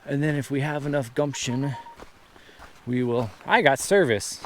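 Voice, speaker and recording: A hiker films his trip on a high mountain trail, talking casually to an action camera and pointing out landmarks as he walks. He speaks a little slowly, and there's a slight hiss or hum.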